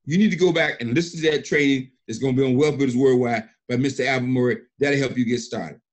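A middle-aged man on a conference call, emphatic and animated, often repeating himself. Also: mid-range voice, fast talker. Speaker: senior partner and mentor. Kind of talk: excited conference-call praise.

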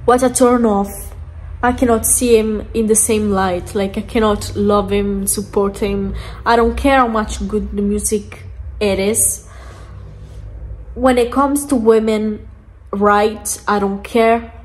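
A woman's voice: mid-range voice, steady tone, slow pace. A woman vlogging from home, ranting angrily with lots of swearing and emphatic repeats. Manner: angry, profane, emphatic ranting. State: angry. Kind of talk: ranting vlog chat. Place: lying down at home.

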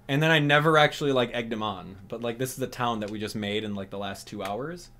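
A man giving casual, jokey gameplay commentary in an excitable way. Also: medium pitch, quick pace, few pauses, a little hiss or hum. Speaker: gaming YouTuber.

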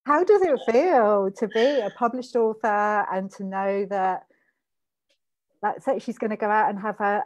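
A woman publisher interviewing an author on a video call, speaking softly and heartfelt, at times nearly whispering. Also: mid-range voice. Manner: soft-spoken, heartfelt, drifts to near whisper.

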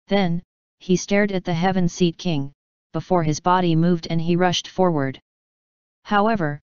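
Crisp low-voiced woman narrating audiobook. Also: darkish tone, no echo, muffled recording.

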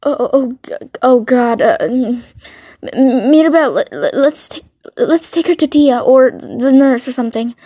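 A gentle teenage boy from a fan audio story, stammering and tripping over his words as he tries to comfort someone, as a woman puts him on. The voice sits a little high and mellow, with soft, careful delivery. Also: steady tone, measured pace, dry recording. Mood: flustered.

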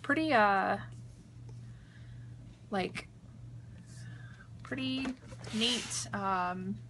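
A woman's voice: medium pitch, extremely slow, noisy background. A young woman chatting casually to camera about a book, enthusiastic and full of fillers like "um" and "like". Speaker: vlogger reviewing a book. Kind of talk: casual book review chat. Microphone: camera mic.

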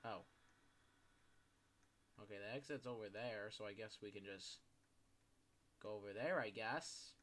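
A man's voice: fairly low pitch, unhurried, pauses often, a bit bright. A young man commentating his gameplay, swearing a lot and breaking into panicky outbursts between mutters. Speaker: gaming YouTuber.

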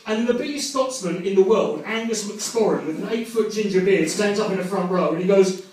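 High-voiced English comedian in an echoey room. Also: male voice, brisk. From England. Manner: sweary, conversational, self-mocking. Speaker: stand-up comedian. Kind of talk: live stand-up comedy. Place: comedy club stage. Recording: echoey room, distant mic, faint ambience.

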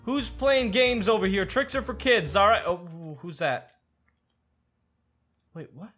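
A man's voice: sits high, slow pace, a bit bright, soft background music. A man giving panicky, joking commentary over a game he is playing. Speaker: gaming YouTuber. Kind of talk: let's play commentary.

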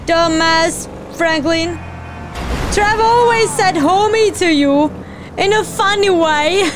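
A woman's voice: extremely high pitch, expressive, drawn-out words, pauses often, background noise. A woman hosting a gaming channel, commenting on a game in an emotional, teary, laughing way. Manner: sing-song, teary, laughing.

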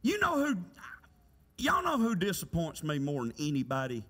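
A man's voice: on the high side, wildly swooping pitch, moderate pace, bright, forceful tone, breathy edge. A middle-aged man preaching a folksy, conversational sermon in a church, asking the congregation rhetorical questions. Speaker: pastor. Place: church sanctuary. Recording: church hall reverb.

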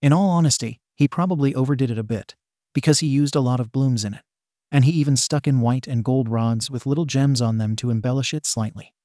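A man reading a fan-fiction story aloud as scripted narration, in an even storybook manner. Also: medium pitch, dry recording, clean studio sound.

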